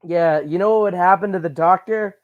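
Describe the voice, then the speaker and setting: Man, high voice, rambling improv podcast co-host, stumbles over words; dull lo-fi sound. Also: brisk. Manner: rambling, stammering, acts out silly characters. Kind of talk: improvised comedy chat.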